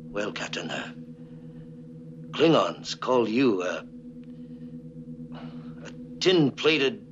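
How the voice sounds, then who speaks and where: An actor playing a gruff, loyal middle-aged starship engineer with a Scottish accent, from a played TV clip. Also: male voice, on the low side, sing-song, extremely slow, a little hiss or hum, exaggerated voice. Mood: sheepish. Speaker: ship's chief engineer. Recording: dull lo-fi TV audio with music.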